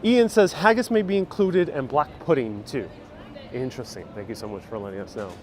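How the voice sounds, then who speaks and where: A man's voice: mid-range voice, a little fast. A man hosting a live-streamed walking tour outdoors, reading viewers' chat aloud and answering it casually as he walks, filmed on a phone. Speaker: travel vlogger. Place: outdoors on a busy old-town street. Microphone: phone held while walking. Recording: faint street noise and traffic.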